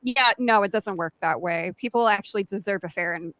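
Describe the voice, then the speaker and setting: A woman running for mayor, speaking in a live debate with a quick, assertive manner. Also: mid-range voice, fairly bright tone. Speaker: mayoral candidate. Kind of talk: debate speech.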